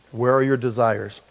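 A man's voice: mid-range voice, gravelly, breathy edge, rough recording. A middle-aged male pastor preaching a conversational sermon, full of rhetorical questions and humor.

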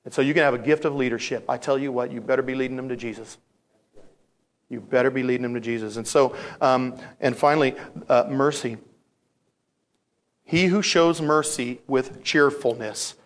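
A male pastor preaching a sermon in an animated storytelling manner, acting out voices and repeating phrases for emphasis. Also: medium pitch, moderate pace.

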